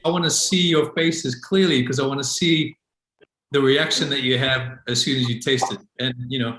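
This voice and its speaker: A man's voice: mid-range voice, steady tone, moderate pace, fairly bright tone, a little hiss or hum. Man from South Africa on an echoey call. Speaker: guest. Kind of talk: casual interview chat.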